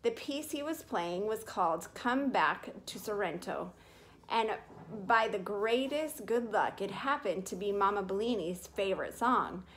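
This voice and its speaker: A woman reading a children's chapter book aloud in a clear, steady storytelling manner. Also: medium pitch, unhurried. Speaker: reader.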